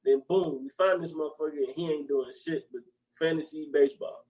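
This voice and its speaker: A man's voice: a little high, fairly even intonation, brisk, darkish tone, rough recording. A man co-hosting a podcast, talking emphatically in slangy casual chat and swearing freely. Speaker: podcast co-host. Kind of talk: casual movie-review chat.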